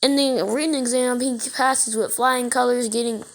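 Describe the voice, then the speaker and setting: A woman's voice: fairly high pitch, steady tone, normal speed. A woman casually retelling a fan story as narrator, rambling and correcting herself as she goes.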